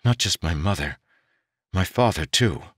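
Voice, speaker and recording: A man's voice: lively intonation, measured pace, a bit bright, dry recording, clean studio sound, heavily acted. A man voicing a young male commander, grief-stricken and guilt-ridden, whose speech rises into anguished cries. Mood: stunned. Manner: anguished, rising to high cries.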